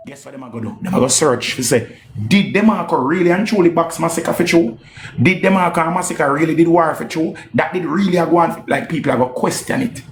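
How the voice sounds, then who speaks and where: A man with a Jamaican accent giving casual, animated reaction commentary on a live stream, repeating himself and swearing as he slips into patois. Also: fairly high pitch, echoey room, a little hiss or hum. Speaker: music commentator.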